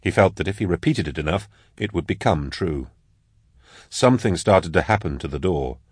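A man narrating an audiobook chapter in a measured storytelling manner. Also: sits low, animated, breathy edge, no echo, studio quality. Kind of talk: scripted narration.

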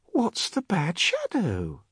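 A man narrating a storybook voices a caring young woman who soothes a frightened child gently but firmly. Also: lowish voice, wildly swooping pitch, slow, husky, no room sound, studio quality, voice pushed up, exaggerated voice. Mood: soothing.

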